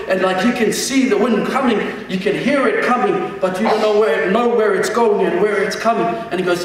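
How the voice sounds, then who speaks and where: A man's voice: high-pitched, a little fast, hardly any pauses, very echoey, in a large hall, recorded from a distance, rough recording. A man preaching a sermon as senior pastor in a church, calling the congregation to respond and often restarting his words.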